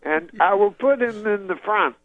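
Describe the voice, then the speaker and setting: A man putting on the voice of an older male comedian who speaks in broken fragments and drawn-out exclamations. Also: high voice, dry recording, phone-quality sound, voice pushed up, lightly acted. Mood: grand. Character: older male comedian, booming, clipped half-sentences.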